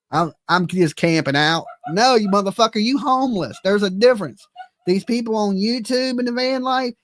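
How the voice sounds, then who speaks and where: High-voiced mocking man ranting. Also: no echo, clean studio sound. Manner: mocking, profane, laughing often. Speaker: commentary streamer. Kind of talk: casual reaction commentary.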